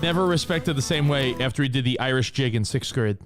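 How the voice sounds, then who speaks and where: A man co-hosting a podcast, telling stories in casual, animated banter. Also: mid-range voice, fairly quick, music in the background. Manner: animated storyteller. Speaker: co-host.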